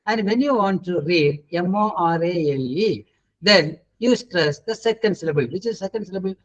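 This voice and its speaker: A middle-aged man with an Indian English accent leads an online pronunciation lesson in a high voice. He is patient and corrective, often pausing to search for words. The webinar audio is dull and lo-fi. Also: animated. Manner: patient, corrects students, many hesitant fillers. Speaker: English teacher. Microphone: video call.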